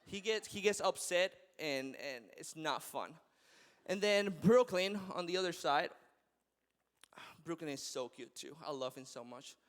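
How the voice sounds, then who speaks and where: A man in his thirties preaching a sermon to a live church crowd, with an animated, personal manner and frequent laughter. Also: on the high side, unhurried. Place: large church hall with a live audience. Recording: long hall reverb.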